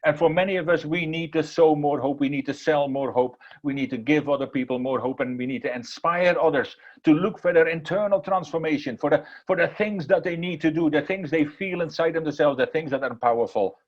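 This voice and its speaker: Guy giving a motivational talk, kinda high voice, repeats stuff for emphasis, lo-fi audio. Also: brisk, hardly any pauses. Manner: emphatic, repeats key words, some restarts. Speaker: motivational speaker. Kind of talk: inspirational talk with a story.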